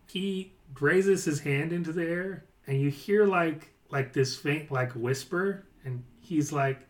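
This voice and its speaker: A man running a tabletop game as game master, narrating in a halting, easygoing way. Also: fairly high pitch. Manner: halting, laughs easily.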